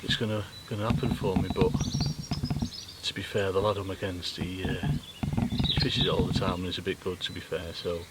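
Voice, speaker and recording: A man gives chatty, joking commentary from the bank of a lake. His voice sits fairly low and is caught by a camera mic well off to the side. Loud outdoor noise runs under everything he says. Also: level tone, fairly quick, distant mic. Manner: jokey, matey banter. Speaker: angler and show host.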